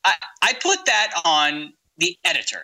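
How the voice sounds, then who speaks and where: A man's voice: high-pitched, huge pitch swings, a little slow, a loud crowd, rough recording. A man co-hosting a podcast in casual chat, laughing often and restarting his sentences. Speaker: podcast co-host.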